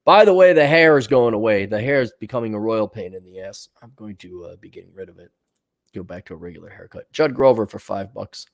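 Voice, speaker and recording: Hosting a livestream, an American man in his forties fields viewer questions with a blunt, profane, sarcastic rant, mocking others in imitated voices. His voice is lowish, animated, and brisk.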